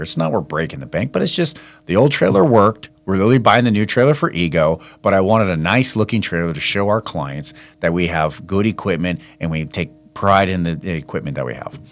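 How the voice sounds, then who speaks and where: A middle-aged man hosting a podcast, venting in an animated monologue and acting out the people in his stories. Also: low-pitched. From California. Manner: animated storytelling, acts out dialogue in quoted voices. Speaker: podcast host and business owner. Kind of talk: ranting monologue.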